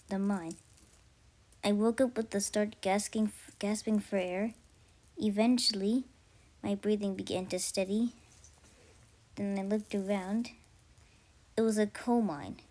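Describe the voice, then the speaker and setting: A woman's voice: medium pitch, darkish tone. A woman narrating a first-person story aloud, amateur and unpolished. She stumbles often, backs up and corrects herself mid-sentence before moving on. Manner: halting, frequent self-corrections. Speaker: story reader.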